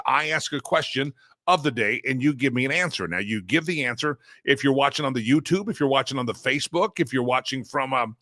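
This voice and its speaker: A man hosts a casual solo talk show from a broadcast studio, speaking into a studio microphone with no echo. His voice is medium-pitched and sharp, and he rambles, jokes, interrupts himself, restarts often and drifts into playful asides.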